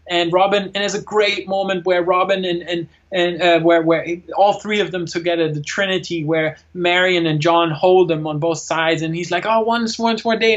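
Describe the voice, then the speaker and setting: A man hosting a casual film discussion, retelling scenes with animated energy and acting out the lines. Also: high-pitched. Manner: animated retelling, acts out quotes. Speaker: film reviewer and host. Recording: dull lo-fi sound.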